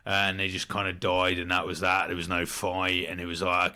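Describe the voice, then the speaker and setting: A man's voice: sits low, completely flat delivery, brisk, hardly any pauses, pushed and bright, smooth. A British man co-hosting a podcast, sleepy and hesitant, full of ums and restarts. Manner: hesitant, many fillers and restarts, sleepy and yawning. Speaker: podcast co-host. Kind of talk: casual podcast chat.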